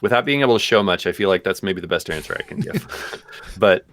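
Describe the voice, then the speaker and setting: A man's voice: sits low, expressive, fairly quick, a bit bright. A man co-hosting a live stream, answering viewer questions in a loose, rambling way with lots of fillers. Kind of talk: casual live-stream chat.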